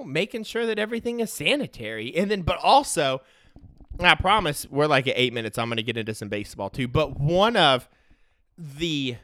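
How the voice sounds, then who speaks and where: A man's voice: fairly high pitch, bright, forceful tone, no echo, clean studio sound. A young man hosting a podcast on his own, chatting casually in a rambling, joking way and laughing often. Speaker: podcast host. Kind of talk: casual solo podcast chat.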